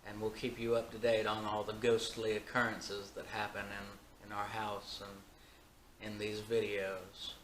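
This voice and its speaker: A man co-hosting a casual chat, laid-back and agreeable, musing slowly, in a room of an old house. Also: on the low side, completely flat delivery, a bit bright, a little hiss or hum. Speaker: co-host, band member. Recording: echoey room, faint ambience.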